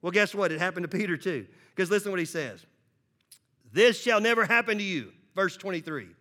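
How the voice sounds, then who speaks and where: A male pastor preaching a lively sermon, acting out little dialogues and tossing in quick asides. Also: sits high.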